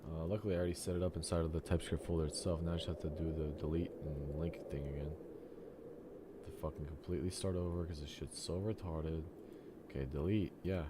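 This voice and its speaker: A man's voice: rumbling low, fairly even intonation, fast talker, very noisy. A young man, a programmer, ranting profanely and with exasperation at his computer during a solo recording. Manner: exasperated and profane, talks to the software. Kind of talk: frustrated solo screen-recording rant.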